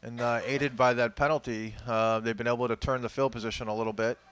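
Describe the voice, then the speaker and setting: A man with a smooth, clear voice adds color commentary at a local high school football game. He breaks down each play in detail and often pauses with fillers. His tone stays mid-pitched and easy. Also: little pitch movement, fairly bright tone. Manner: analytical, with frequent "uh" fillers.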